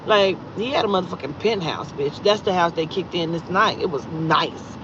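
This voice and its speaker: A woman recounting a personal story in a loose, profane storytime style, her voice leaping high and loud when she gets exasperated. The audio is dull and lo-fi. Faint traffic hums in the background. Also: moderate pace. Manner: profane, animated retelling with loud exasperated outbursts. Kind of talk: casual storytime vlog.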